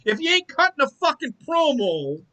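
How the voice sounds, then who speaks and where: Profane ranting man, bright voice. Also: very high voice, very animated, moderate pace. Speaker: podcast co-host. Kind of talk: casual sports and wrestling chat.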